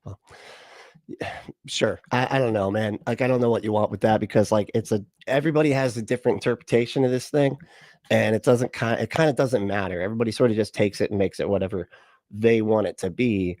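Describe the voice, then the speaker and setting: A man's voice: fairly low pitch, fairly even intonation, fairly quick, a little mellow, dry recording, studio quality. A man hosting a livestream, reacting in casual, sarcastic commentary with plenty of swearing and rambling asides. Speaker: livestream host.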